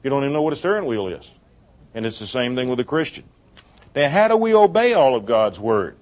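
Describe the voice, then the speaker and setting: A middle-aged man preaches a sermon built around a personal story, acting out the dialogue with energy and chuckling at his own jokes. He speaks at a medium pitch and a fairly quick clip.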